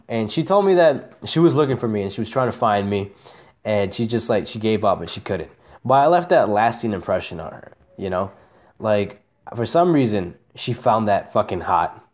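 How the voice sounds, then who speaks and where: Profane, candid young male podcaster. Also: lowish voice. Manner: profane, candid, swings between flat and excitable. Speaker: podcast host. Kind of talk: casual podcast chat.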